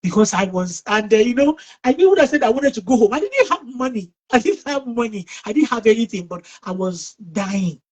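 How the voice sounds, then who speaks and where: A middle-aged woman hosts an online talk, speaking in a slightly high, lively voice. She tells a personal story in an outgoing way and often restarts her sentences. She is heard over a video call. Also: brisk, hardly any pauses, poor audio. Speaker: host.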